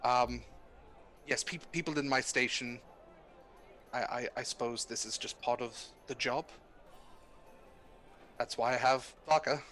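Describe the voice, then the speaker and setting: A man's voice: medium pitch, fairly even intonation, measured pace, pauses often, fairly bright tone, lightly acted. A man voicing a formal, courteous noble patriarch in a tabletop game, polite and stammering when shaken. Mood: rattled. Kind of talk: tabletop game role-play.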